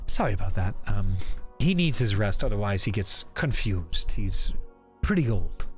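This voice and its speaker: A man voicing a gentle, patient female elf shopkeeper. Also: fairly low pitch, very animated, normal speed, faint music behind. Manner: soft, patient and apologetic.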